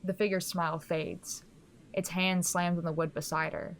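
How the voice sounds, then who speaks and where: A woman narrating a horror audio drama in a quiet, measured storytelling manner. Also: lowish voice, little pitch movement, big-room sound.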